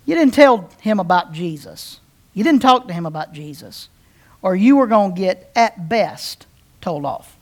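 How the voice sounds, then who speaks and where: A pastor preaching a sermon in a conversational storytelling way, often repeating phrases and checking in with the congregation. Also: unhurried. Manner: conversational, repeats phrases, asks the crowd "right?"; animated, with big swings in pitch and loudness.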